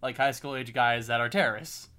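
A man's voice: medium pitch, steady tone, a little fast, background noise. A young man chatting casually with friends, rambling with many fillers. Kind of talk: casual podcast chat.

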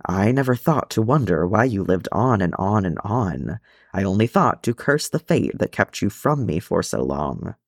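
A man reading the part of a ghostly male dwarf king who is gruff but tender, speaking softly. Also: fairly low pitch, very animated, moderate pace, no room sound, clean studio sound. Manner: soft, tender.

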